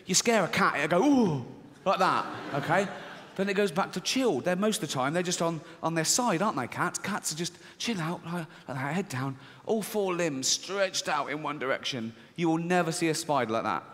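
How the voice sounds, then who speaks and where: A male stand-up comedian performs animatedly in a large theater full of people, deadpan and swearing, acting out high squeaky voices. He talks a little fast. The live recording carries audience laughter and a slight hiss or hum.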